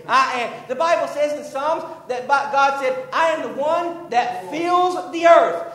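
A male pastor preaching a sermon, building to emphatic, drawn-out declarations. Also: extremely high pitch, lively intonation, fairly bright tone, reverberant, low-quality recording. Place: church sanctuary.

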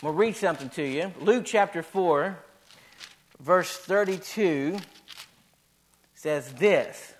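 A man's voice: sits high, animated, slow pace, pauses often. A male pastor preaching a sermon in a folksy way, repeating phrases as his voice swells and drops.

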